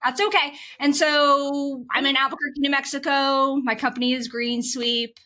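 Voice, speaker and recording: A woman's voice: high voice, fairly even intonation, pushed and bright. A woman guest on a podcast, a business owner and coach talking casually with some restarts. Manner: halting, with fillers and restarts.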